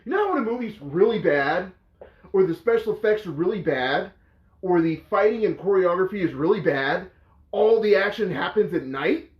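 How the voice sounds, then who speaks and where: A man with a high voice hosts a casual movie review. He talks in an animated, exasperated way and breaks into incredulous outbursts. The sound is dull and lo-fi, with room echo behind him. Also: moderate pace. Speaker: host of a movie review show.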